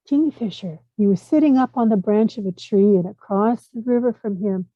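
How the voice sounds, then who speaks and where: A woman telling a traditional animal tale aloud, lively and rising for the exciting parts. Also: mid-range voice, no room sound. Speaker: storyteller. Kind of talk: oral storytelling. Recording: tinny phone-like line.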